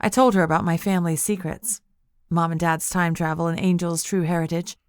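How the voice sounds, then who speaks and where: A woman reading first-person narration of an audiobook in a measured, intimate way. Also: lowish voice, steady tone, clean tone, no room sound, clean studio sound.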